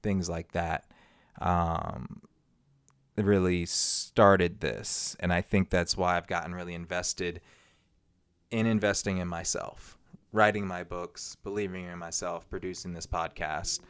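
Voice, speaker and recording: A man's voice: low voice, fairly even intonation, a little slow, a bit bright, clear, resonant tone. A man hosting a solo podcast, talking in a rambling, reflective way with frequent fillers. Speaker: podcast host. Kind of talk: casual solo podcast monologue.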